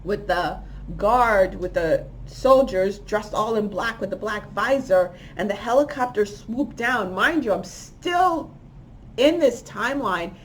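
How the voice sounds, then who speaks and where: Woman excitedly recounting a vision. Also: medium pitch, takes it slowly, a little hiss or hum. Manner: rambling, animated, acts out quoted voices. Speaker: spiritual channel host. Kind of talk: casual storytelling of a vision.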